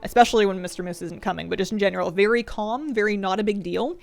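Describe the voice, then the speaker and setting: A woman's voice: medium pitch, fast, vocal fry, faint music behind. A woman streamer chatting casually, rambling and affectionate, often restarting her sentences. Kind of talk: casual chat.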